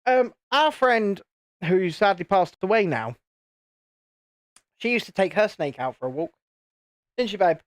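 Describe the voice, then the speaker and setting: A man's voice: high voice, expressive, measured pace, long pauses, dry recording. A British man in his late thirties hosting a live stream, chatting casually while building, in a rambling, self-interrupting way. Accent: British English. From United Kingdom. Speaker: YouTube channel host.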